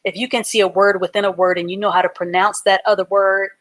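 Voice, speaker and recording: A woman's voice: medium pitch, level tone, fast talker, no echo. A woman teaching a live online reading class, patiently sounding out words letter by letter and syllable by syllable.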